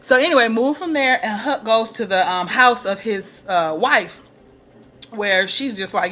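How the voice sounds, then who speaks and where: A woman recapping a TV episode in casual chat, acting out quotes and laughing often. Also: moderate pace. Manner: animated, acts out quotes in a higher voice, laughs often. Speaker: TV recap vlogger.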